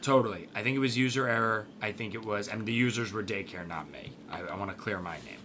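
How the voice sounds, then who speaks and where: Male podcast co-host with a bright edge, casual joking delivery, light noise behind. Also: on the low side, fast talker. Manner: wry, profane, joking.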